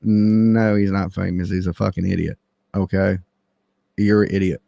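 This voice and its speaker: Gravelly, mocking livestream host man. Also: low voice, level tone, moderate pace, warm tone, no echo, muffled recording. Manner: profane, mocking, combative. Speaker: true crime livestream host. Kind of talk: ranting livestream commentary.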